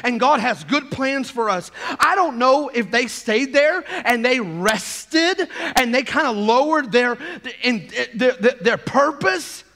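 A male pastor with a strikingly high voice preaches to his church with lively, swooping delivery. He talks with a lot of energy and slips into playful voices as he tells a story. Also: slow. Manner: animated, acts out playful quoted voices. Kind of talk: energetic sermon.

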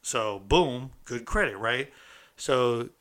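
Bright-voiced streetwise man telling a story. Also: medium pitch, lively intonation, slow pace. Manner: streetwise and conversational, often checking in with "right?". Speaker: storyteller recounting his own past. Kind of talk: casual first-person storytelling.

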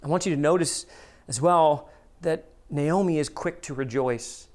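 A pastor preaching a sermon, who acts out quoted voices in a higher pitch and drops to a soft, low voice for earnest appeals. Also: unhurried.

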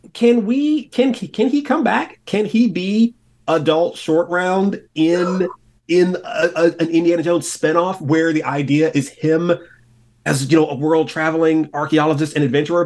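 A man with a somewhat high-pitched voice, chatting casually as a podcast guest. He sounds eager and excitable, laughing often between his thoughts. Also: a little slow. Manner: enthusiastic, laughs often while talking. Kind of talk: casual roundtable chat.

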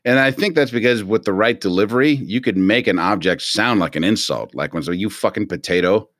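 Laid-back low-voiced man, crude jokes. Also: lively intonation, brisk, fairly bright tone, no room sound, studio quality. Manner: laughs often, crude and playful. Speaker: podcast co-host. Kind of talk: casual banter.

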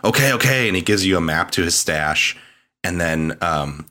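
A man with a deep, low-pitched voice talks casually on a gaming podcast. He retells a game's plot in a loose, rambling way, laughing often and slipping into quick mock voices for the characters. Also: fairly even intonation, bright, forceful tone. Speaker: podcast co-host. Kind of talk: casual chat.

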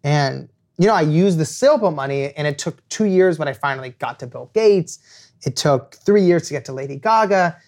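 A young man, a podcast guest and author, telling an animated anecdote and acting out quoted lines. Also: a little high, normal speed. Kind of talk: storytelling anecdote.

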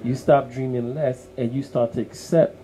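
A man co-hosting a casual podcast, with a deep, very dark tone. He talks earnestly about pushing past failure and often repeats words while he gathers his thoughts. A faint background hiss runs under the recording. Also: fairly even intonation, normal speed, rough recording. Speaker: co-host.

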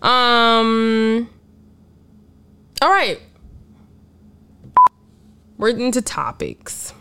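A woman co-hosting a casual chat, talking loosely with drawn-out fillers and the odd swear word. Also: a little high, expressive, very noisy. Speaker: podcast co-host.

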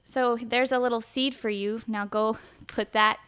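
A young woman from the American South with a faint Southern accent, co-hosting a podcast in casual, animated chat full of fillers. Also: on the high side, unhurried, clear, resonant tone. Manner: chatty, animated storyteller with many fillers. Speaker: podcast co-host. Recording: dull, lo-fi podcast audio.

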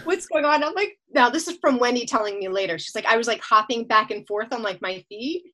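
Animated woman telling a wild story. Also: on the high side, a little fast. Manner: animated, acts out her own voice in the story. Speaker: guest storyteller. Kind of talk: casual storytelling.

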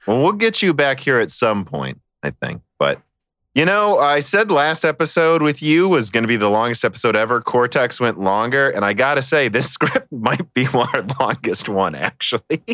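A man's voice: mid-range voice, big pitch swings, normal speed, fairly bright tone, no room sound, studio quality. A man hosting a casual hardware podcast, chatty and joking, often laughing between words. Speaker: podcast host.

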